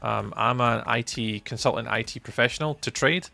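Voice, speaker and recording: A man's voice: medium pitch, moderate pace, gravelly, bright, forceful tone, faint music behind. A man with a mild Scottish accent, a game streamer chatting casually and replying to his viewers' chat messages. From Scotland.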